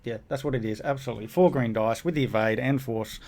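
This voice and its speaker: A man's voice: medium pitch, a little mellow. An Australian man hosting a casual chat, talking with frequent restarts. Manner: chatty, laughing, halting restarts. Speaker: host.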